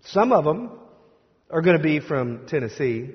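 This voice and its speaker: Pastor, male, slightly high voice, chatty sermon, dull recording with a long hall reverb. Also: very animated, unhurried. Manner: conversational, joking, acts out crowd voices. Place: church sanctuary.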